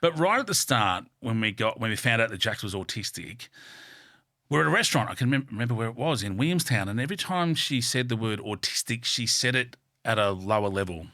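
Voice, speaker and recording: An Australian man telling candid stories as a podcast guest, blunt and animated, swearing freely and reaching for vivid metaphors. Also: medium pitch, a little fast, no room sound, studio quality. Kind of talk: candid storytelling in a podcast interview. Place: studio.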